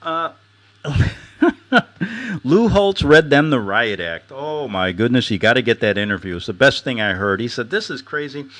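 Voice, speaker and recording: A man's voice: medium pitch, moderate pace. A middle-aged man hosting a show, ranting and telling stories casually, acting out quotes and laughing often. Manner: animated, storytelling, laughs often, acts out quotes. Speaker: host.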